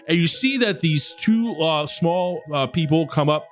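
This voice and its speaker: A man narrating a tabletop game as dungeon master, rambling with quick asides, with music behind. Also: a little high, animated.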